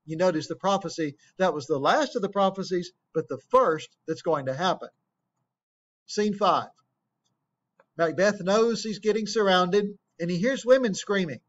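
High-voiced man explaining a play. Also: normal speed. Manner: plain, explanatory, asks rhetorical questions. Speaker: teacher. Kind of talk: explaining a play and reading quotes aloud. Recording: dull lo-fi recording.

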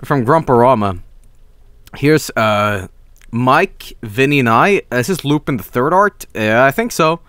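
A man's voice: medium pitch, expressive, unhurried, fairly bright tone, clear, resonant tone, no echo, clean studio sound. A young man streaming, chatting casually and rambling, with lots of swearing and chuckles.

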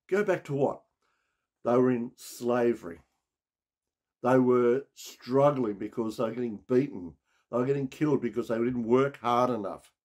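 A man preaching a sermon as pastor, asking rhetorical questions and dropping to a low voice for emphasis. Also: darkish tone.

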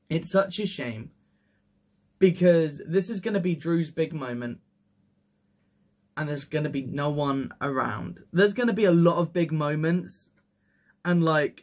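A young man giving casual wrestling predictions, excitable, swearing freely and whooping with hype. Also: fairly high pitch.

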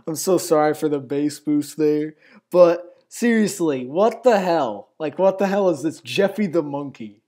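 A man's voice: a little high, unhurried, dark tone. A man hosting a reaction video, reacting with incredulous exclamations. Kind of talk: casual reaction commentary.

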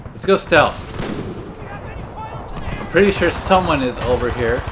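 A man commentating his own shooter gameplay in an excitable way, swearing often and laughing or shouting at big moments. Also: mid-range voice, a little slow, noisy background. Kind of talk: let's play commentary.

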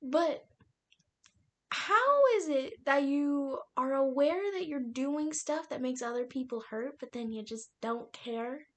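Exasperated young woman ranting, high voice. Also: slow. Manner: animated and exasperated, laughing often, mocking quotes. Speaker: book reviewer. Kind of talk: casual ranting book review.

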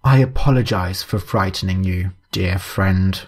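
Mister Siggs is an eerie, calm stranger from a storybook, as a man puts him on, with a lower, quieter voice and slow, terse words. He sounds sinister and unhurried. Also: breathy edge. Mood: ominous. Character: eerie smooth-faced male lake dweller, calm and sinister. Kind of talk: read-aloud storybook.

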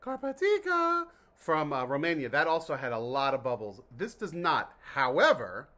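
A man's voice: mid-range voice, lively intonation, moderate pace, sharp tone. A man from New Jersey hosting a casual vlog, reviewing mineral water in a chatty, jokey, self-interrupting way. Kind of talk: casual rambling vlog talk.

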